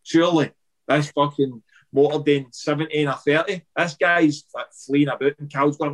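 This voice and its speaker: A man's voice: on the high side, moderate pace, poor audio. A Scottish man, a former footballer, telling a wild story in casual chat, swearing and acting out what others said. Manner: animated anecdotal, acts out quotes, swears freely.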